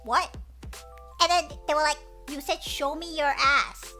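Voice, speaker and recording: Very high bright-voiced woman streamer. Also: measured pace, soft background music. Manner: animated storytelling, acting out quotes with laughs. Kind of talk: casual chat stream.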